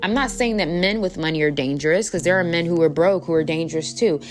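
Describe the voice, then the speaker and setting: Woman spiritual coach, low-ish voice, loose rambling delivery, music bed underneath. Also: fast. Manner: chatty, rambling, many fillers. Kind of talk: casual storytelling to viewers.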